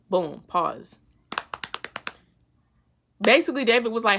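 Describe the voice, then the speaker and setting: A woman hosting her own faith vlog, talking in a lively, playful, slangy way and laughing often as she explains a Bible verse. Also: mid-range voice, normal speed, vocal fry, long pauses, slight background noise. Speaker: faith vlogger. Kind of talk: casual devotional talk.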